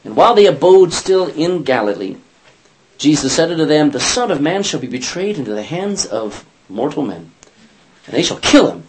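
A man's voice: on the high side, very animated, moderate pace, slight background noise, low-quality recording. A man teaching a Bible study, asking his listeners questions and acting out scripture quotes in character voices.

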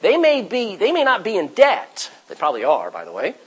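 A man preaching a sermon as pastor, emphatic, swinging from loud declarations to hushed, quiet passages. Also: sits high, huge pitch swings, brisk, husky, poor audio.

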